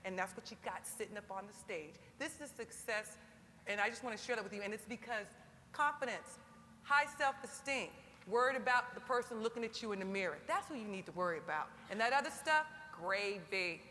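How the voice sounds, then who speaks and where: A woman speaking on a senior enlisted panel in an emphatic, motivational way, building to animated exhortation. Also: mid-range voice, a little fast. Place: large conference hall. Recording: long hall reverb with faint crowd noise.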